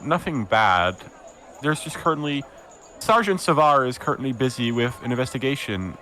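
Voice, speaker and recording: Stern young guard, formal, officious, deep-ish voice, measured pace, as a man puts him on. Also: a bit bright, slight background noise, close to an everyday voice. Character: stern polite young male town guard.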